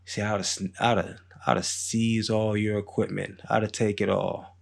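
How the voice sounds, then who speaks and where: Man doing a sore male officer, low and gravelly, sulky threats. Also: little pitch movement, normal speed. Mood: angry. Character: angry male police officer, resentful.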